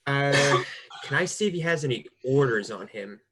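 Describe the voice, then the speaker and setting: A man's voice: mid-range voice, lively intonation, normal speed, over loud music. A man playing a tabletop game, speaking hesitantly and restarting phrases. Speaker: player.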